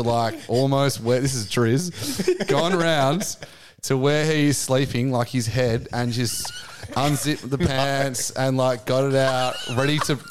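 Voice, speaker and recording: A young man chats casually on a podcast. He tells stories in a loose, rambling way, laughing between lines. His pitch sits mid-range. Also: slight background noise. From Australia. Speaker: podcast co-host. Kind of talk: casual chat.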